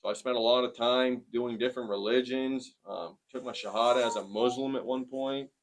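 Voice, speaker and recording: A man's voice: medium pitch, fairly even intonation, slight background noise. Earnest man telling a hard personal story. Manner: earnest, plainspoken, many "um" pauses. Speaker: interviewee sharing a testimony. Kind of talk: personal testimony in conversation.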